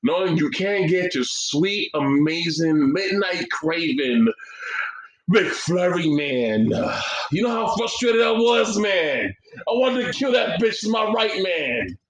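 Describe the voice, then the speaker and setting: A man's voice: high-pitched, very animated, slow, echoey room, a crowd in the background, low-quality recording. A man, co-hosting a casual podcast and calling out hyped, preachy asides to the listeners. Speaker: podcast co-host. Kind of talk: casual chat.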